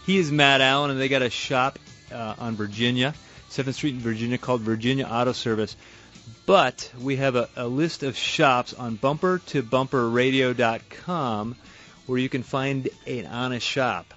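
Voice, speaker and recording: A man's voice: mid-range voice, moderate pace, a bit bright, soft background music. A man hosting a car-repair radio call-in show, talking casually from a studio, with easy laughs and frequent restarts. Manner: conversational, repeats words and restarts, laughs easily. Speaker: radio show host and auto repair shop owner. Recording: muffled radio broadcast audio.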